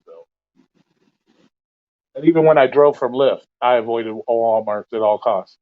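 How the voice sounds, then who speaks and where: A man's voice: medium pitch, unhurried, no room sound. Man, casual profane rant, forum host, phone-line sound, dry. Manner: blunt, swears constantly, rants. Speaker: host of an open forum talk stream.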